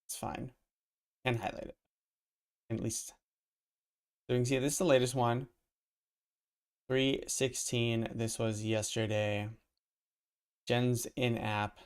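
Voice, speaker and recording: A man with a smooth mid-range voice streams live about crypto collectibles from his computer, rambling and musing aloud. His delivery is flat and slow with long pauses, recorded on a desk mic.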